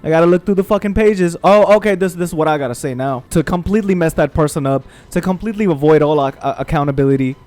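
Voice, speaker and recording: A man's voice: fairly high pitch, fast, few pauses, faint music behind. A man ranting with emphasis and plenty of profanity, giving commentary over gameplay. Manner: profane, animated, emphatic venting. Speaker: gaming streamer.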